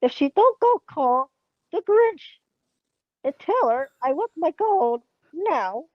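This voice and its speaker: A boastful leprechaun , voiced by a woman, growling threats about its gold in a put-on Irish accent. The voice sits very high and swoops around. It comes through dull and lo-fi. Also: very animated, takes it slowly, dry recording, full character voice. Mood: menacing. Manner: gruff, menacing banter. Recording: dull lo-fi sound.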